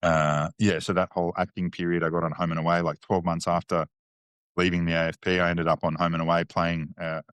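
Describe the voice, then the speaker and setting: A man's voice: deep voice, level tone, a little fast, a bit bright, clean tone, no echo. A man with an Australian accent, a podcast guest telling candid, slangy stories with frequent restarts. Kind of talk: casual interview chat.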